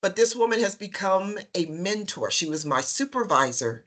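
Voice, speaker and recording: A woman on a panel, telling her career story in a lively, chatty way with many ums and acted-out quotes. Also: mid-range voice, moderate pace. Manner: lively storyteller, acts out what others said; chatty, with frequent um and uh. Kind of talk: personal storytelling in a webinar panel.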